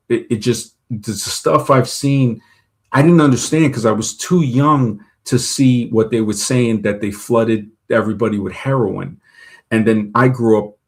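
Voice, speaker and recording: A man in casual talk-show chat who rambles and restarts his sentences often. He acts out the people he quotes. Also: on the low side. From Brooklyn, New York.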